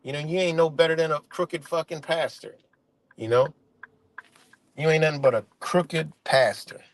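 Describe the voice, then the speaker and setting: A man with a slightly high voice delivers a profane, confrontational rant on a live stream. He circles back to the same points over and over, cursing as he builds his case. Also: fairly even intonation, moderate pace, a little hiss or hum.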